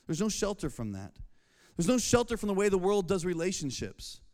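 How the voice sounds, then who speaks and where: A man, preaching a casual, jokey sermon to high school students and acting out family scenes. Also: sing-song, a little fast, a little mellow. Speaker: youth pastor. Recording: long reverb of a large hall.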